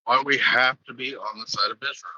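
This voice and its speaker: A man co-hosting a casual commentary chat, asking questions and musing in a halting way. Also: mid-range voice, fairly even intonation, bright, forceful tone, husky, no room sound, dull audio. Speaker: podcast co-host.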